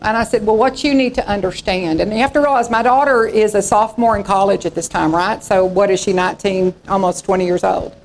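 Gravelly woman preaching. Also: medium pitch, a little fast, few pauses, a little hiss or hum, rough recording. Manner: folksy storytelling preacher, acting out quoted voices. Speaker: pastor. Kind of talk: sermon.

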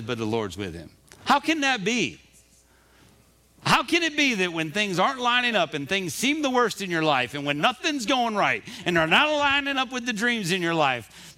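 Preacher guy, sermon, big swings in pitch, bright voice, acts out little voices in the story. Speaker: pastor. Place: church.

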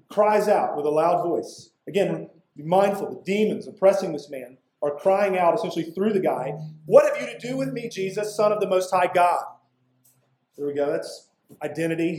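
A man with a high voice preaches in a conversational way, breaking into casual asides and leaning on emphatic pauses. His voice rings through a roomy, echoing church sanctuary. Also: darkish tone. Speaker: pastor. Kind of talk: expository sermon. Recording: echoey room.

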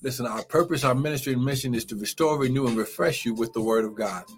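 A man's voice: medium pitch, fast, faint music behind. A man preaching a live morning sermon as pastor, exuberant and repetitive, calling out praise and urging listeners on. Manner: repeats phrases and urges listeners to get it.

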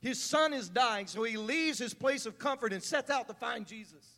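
A man preaching a sermon as pastor, building from calm teaching to fervent, rising delivery. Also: very high voice, moderate pace. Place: church sanctuary. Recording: church hall reverb.

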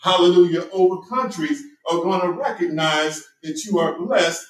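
A man's voice: on the high side, a little slow, fairly bright tone. A man preaching a sermon as pastor, constantly interjecting amen and hallelujah. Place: church sanctuary. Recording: echoey room, voice from a distance.

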